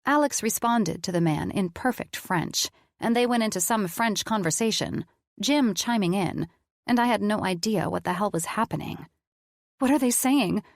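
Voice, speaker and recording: A woman's voice: mid-range voice, normal speed, no echo, clean studio sound. A woman narrating a first-person audiobook in a candid, conversational way.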